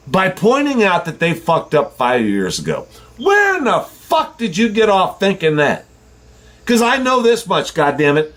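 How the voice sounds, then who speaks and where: A man's voice: high voice, a bit bright. A man who drives deliveries, ranting to his viewers in a heated, profane, confrontational way. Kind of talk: heated rant to camera.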